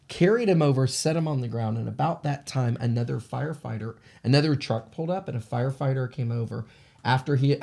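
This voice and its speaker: A middle-aged man, telling a personal story in a casual, animated way. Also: mid-range voice, vocal fry. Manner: animated, acts out the voices of people in his stories. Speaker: shaman sharing paranormal stories.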